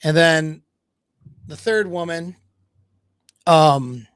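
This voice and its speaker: A dating coach on a livestream, casually retelling a story with laughs, false starts and stumbles. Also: male voice, on the high side, drawn-out words, fairly bright tone, clean tone, no echo.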